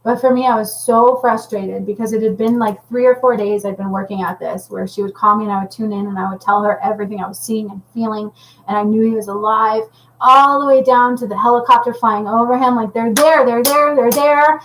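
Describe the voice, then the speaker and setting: A woman's voice: mid-range voice, level tone, brisk, low-quality recording. A woman working as a spiritual healer and medium, talking casually and intensely to viewers on a livestream, rambling and often checking in with "okay?".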